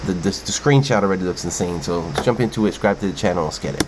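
Male reaction host, slightly low voice, loose repetitive banter, faint background hum. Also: lively intonation, racing. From Brooklyn, New York. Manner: chatty, repeats himself, playful. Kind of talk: casual video reaction commentary.

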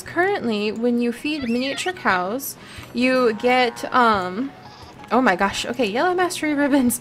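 A young woman chatting casually as she plays a farming game, bubbly and cooing over the animals. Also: on the high side. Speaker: gameplay vlogger. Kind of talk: casual gameplay commentary.

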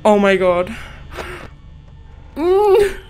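A woman's voice: mid-range voice, sing-song, very slow, a little mellow, slight background noise. A young woman hosting a horror game let's-play, panicky and gasping, swearing under her breath. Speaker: gaming channel host.

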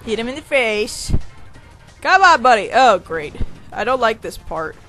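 Casual let's play narrator: animated, singsong delivery, rambling asides, easily rattled and loudly whiny. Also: medium pitch, a little slow, soft background music. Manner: rambling, excitable, shrieks and whines at setbacks. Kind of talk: casual gameplay commentary.

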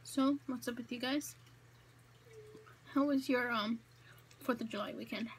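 A woman's voice: on the high side, a little slow, a little hiss or hum, low-quality recording. A young woman chatting casually to her viewers at home in an eat-with-me vlog, rambling with fillers and correcting herself as she goes. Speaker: vlogger. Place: home, indoors.

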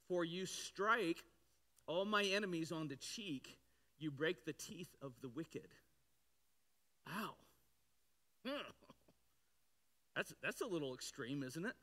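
A man with a bright, forceful voice sitting a little high preaches a sermon in a church. He talks conversationally to the congregation, then breaks into sudden loud cries to drive his point home. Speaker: pastor.

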